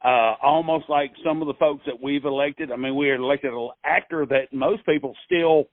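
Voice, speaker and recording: Guy hosting, rambly and folksy, kinda high voice, dry phone-ish sound. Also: moderate pace, no echo, narrow, tinny audio. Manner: rambling, folksy, restarts a lot. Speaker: host. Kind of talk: casual comedic interview.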